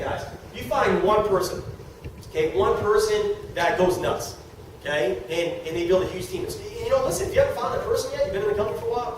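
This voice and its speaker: A middle-aged man with a high voice gives a motivational talk to a live audience. He is excitable, repeats himself and laughs as he talks. The sound is distant and very echoey, with steady background noise. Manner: excitable, repeats words, laughs while talking. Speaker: network marketing speaker. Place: meeting room with an audience.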